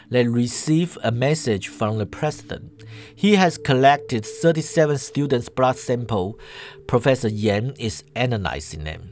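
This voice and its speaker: A man narrating a comedic audio story in an even, measured way. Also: mid-range voice.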